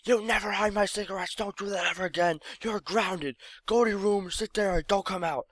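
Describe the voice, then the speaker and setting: A man voicing his angry middle-aged mother, yelling shrilly at her son. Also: sits high, fairly even intonation, moderate pace, no room sound, voice pushed up. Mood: scolding.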